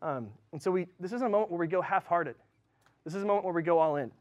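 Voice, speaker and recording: A man's voice: high voice, fast talker. A male pastor giving a casual, conversational sermon, full of ums and likes. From Southern California. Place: church.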